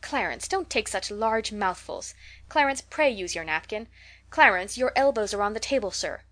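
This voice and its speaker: A woman's voice: medium pitch, lively intonation, moderate pace, fairly bright tone, close to an everyday voice. A woman voicing a fussy, scolding, fashion-minded society matron in an audiobook reading, prim and nagging.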